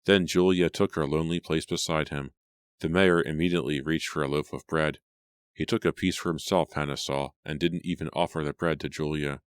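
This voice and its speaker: A man narrating an audiobook in a steady, even storytelling manner. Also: a bass voice, brisk, clean tone, no room sound. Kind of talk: scripted narration.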